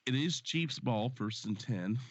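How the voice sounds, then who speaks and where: A man's voice: medium pitch, animated, a little slow, no room sound. A man hosting a live stream, chatting loosely and profanely with friends, his voice stuffy and strained from a sore throat. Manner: loose and profane, reading donations aloud. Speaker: host of a live stream show. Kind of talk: casual live-stream chat and game commentary. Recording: dry, dull lo-fi stream audio.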